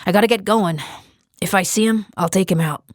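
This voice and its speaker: A woman's voice: medium pitch, brisk, no echo, studio quality, voice pushed up, natural voice. A woman voicing a blunt, brash male hunter in an audiobook. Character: gruff tough male hunter, scoffing.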